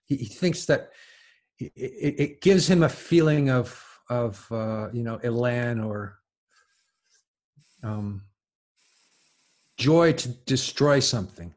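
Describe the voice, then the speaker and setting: A man's voice: medium pitch, a little mellow. A man, a podcast guest, talking through ideas casually, stumbling and restarting his sentences as he thinks aloud. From lives in France. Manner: halting, many restarts and repeated words, thinking aloud. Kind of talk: casual intellectual conversation.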